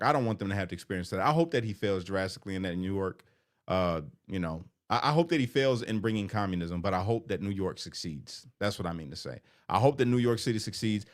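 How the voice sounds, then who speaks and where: A low-voiced man hosts a casual live stream, chatting away and reading viewer comments aloud before answering them.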